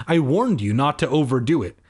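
A man voicing a worried, scolding mother with a husky voice. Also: medium pitch, sing-song, a little fast, a little mellow. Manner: scolding, anxious warnings. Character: fussy worried mother calling downstairs.

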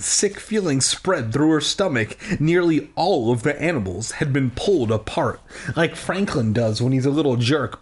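Give me a man reading a children's horror story aloud for comedy, deadpan with rambling asides. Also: mid-range voice, slightly rough. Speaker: reader and host.

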